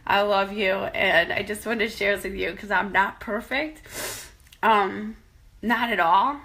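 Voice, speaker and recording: A woman sharing a painful family story in a personal vlog, tearful and halting, often restarting her sentences. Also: medium pitch, a bit bright. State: crying at times. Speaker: vlogger.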